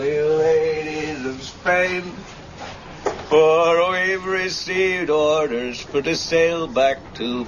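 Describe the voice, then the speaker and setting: Actor as a gruff old sea captain, slow sung shanty, muffled film-clip audio with noise. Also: male voice, mid-range voice.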